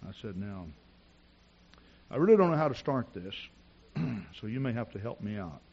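A man preaching a sermon in a church, telling personal stories and rising to shouts at the climax. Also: lowish voice, sing-song, normal speed, breathy edge, muffled recording. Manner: storytelling preacher who builds to shouting.

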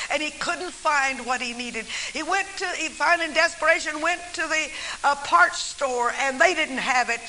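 A woman preaching from the pulpit in the form of a story. Her tone is earnest and homespun, and her voice is very bright with a sharp, forward edge. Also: sits high, a little hiss or hum, poor audio. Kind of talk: storytelling sermon.

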